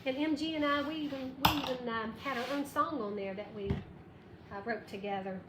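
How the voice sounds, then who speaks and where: High-voiced chatty woman. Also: brisk. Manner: chatty and bubbly, greets viewers by name and counts aloud. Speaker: craft livestream host. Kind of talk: live craft tutorial, chatting with viewers. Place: her craft shop. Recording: echoey room with background noise.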